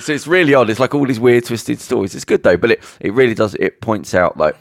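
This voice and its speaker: A man's voice: lowish voice, animated, fast, vocal fry, hardly any pauses, no room sound, studio quality. A man co-hosting a podcast, retelling a show in a rambling way with many fillers and restarts. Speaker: podcast co-host. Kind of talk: casual chat.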